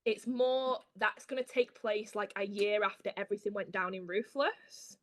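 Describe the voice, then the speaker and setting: A woman, an author being interviewed, who tells stories in a lively way, acts out her own dialogue and swears casually. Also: medium pitch, moderate pace, a crowd in the background. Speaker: author guest. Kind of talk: casual chat.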